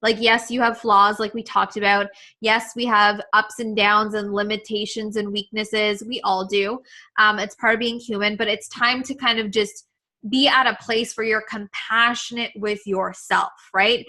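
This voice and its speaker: A woman leads a live confidence webinar over a webcam. Her voice sits fairly high and bright. She talks earnestly and emotionally, circling back and repeating herself with lots of casual fillers. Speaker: confidence coach leading a webinar.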